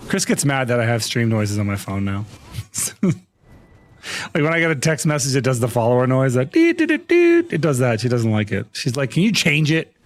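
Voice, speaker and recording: Loud background music nearly drowns out this live gaming stream, where a man in his thirties rants to chat with playful, theatrical exasperation. He talks a little fast in a mid-range voice.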